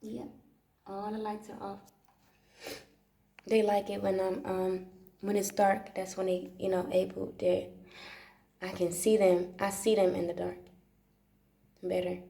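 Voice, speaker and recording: Woman, casual rambling monologue, profane and repetitive, mid-pitched voice, echoey room at home. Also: flat delivery, measured pace, vocal fry, pauses often, warm tone. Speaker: livestream host.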